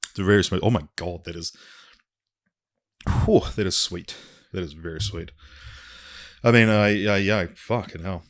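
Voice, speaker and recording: A man's voice: low-pitched, moderate pace, long pauses. A man hosting a podcast alone, chatting casually in a rambling, swearing manner. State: briefly out of breath. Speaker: podcast host. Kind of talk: casual solo podcast chat.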